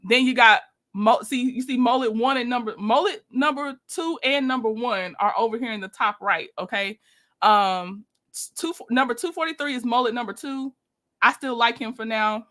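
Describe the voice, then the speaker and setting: A woman talks through a reality show for her channel in a casual, gossipy way, speaking straight to her audience. Her voice is bright and forceful and sits slightly high. She keeps dropping in her own blunt opinions. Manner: chatty, addresses viewers directly, opinionated asides. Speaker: YouTube commentator.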